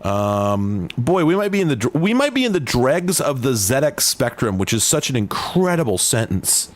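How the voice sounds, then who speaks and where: A man with a medium-pitched, very animated voice talks at a moderate pace while hosting a casual video. Playing old computer games, he rambles to himself sardonically and often cuts himself off mid-sentence.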